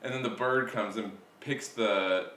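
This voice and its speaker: A man's voice: fairly low pitch, unhurried, pushed and bright, echoey room, distant mic. A man co-hosting a casual, joking film chat, swearing and laughing often. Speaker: podcast co-host.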